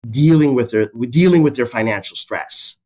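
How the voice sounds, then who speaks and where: Male academic guest, mid-pitched voice, measured and data-driven delivery. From Canada. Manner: steady, fact-heavy, cites statistics, repeats key phrases. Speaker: guest, business professor. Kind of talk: podcast interview explanation.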